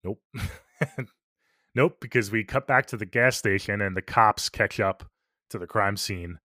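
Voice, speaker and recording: Low-ish guy with a bright forceful voice, excited casual movie chat, swears a lot. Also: a little slow, no echo, clean studio sound. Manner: enthusiastic, swears freely, lots of fillers. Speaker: podcast co-host. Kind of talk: casual film review chat.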